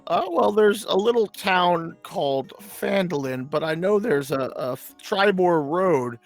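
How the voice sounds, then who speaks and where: Deadpan man playing his character. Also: sits high, measured pace, soft background music. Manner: matter-of-fact, deadpan. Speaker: tabletop game player. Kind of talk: in-character role-play.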